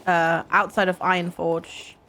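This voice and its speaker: A woman's voice: on the low side, flat delivery, unhurried, pushed and bright, a little hiss or hum. A woman streaming a video game, chatting casually with her viewers, giggling, and reading in-game books aloud. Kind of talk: casual gameplay commentary.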